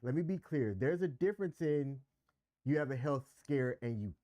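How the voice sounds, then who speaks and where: A man's voice: medium pitch, lively intonation, normal speed, dark tone, no echo. A man co-hosting a relationship podcast, talking candidly and with emphasis, explaining his views at length. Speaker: podcast co-host. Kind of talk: casual relationship chat.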